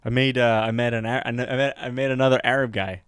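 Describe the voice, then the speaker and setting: A man's voice: mid-range voice, little pitch movement, fast, clean tone, no room sound, studio quality. A man co-hosting a casual comedy podcast, telling rambling stories with frequent laughter and little acted-out voices. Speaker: podcast co-host.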